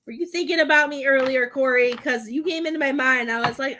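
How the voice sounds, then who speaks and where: Higher-pitched woman giving a chatty tarot reading. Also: fairly quick, noisy background. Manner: chatty, giggly, rambling with many fillers. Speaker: psychic medium. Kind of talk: live tarot and mediumship reading.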